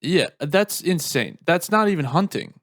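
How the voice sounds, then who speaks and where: A man's voice: a little high, very animated, a little slow, a bit bright, no echo, studio quality. A man co-hosting a casual podcast, talking in an easygoing, rambling way with lots of "I mean". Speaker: podcast co-host. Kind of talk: casual chat.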